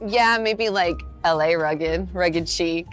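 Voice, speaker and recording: A woman's voice: fairly low pitch, takes it slowly, soft background music. A woman with an Australian accent, chatting casually outdoors at a beach, teasing and playful. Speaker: dating contestant. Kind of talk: casual chat.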